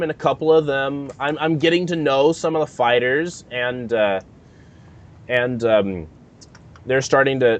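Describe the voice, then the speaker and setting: A man co-hosting a podcast in casual chat, talking hesitantly with many fillers and restarts. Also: mid-range voice. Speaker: podcast co-host.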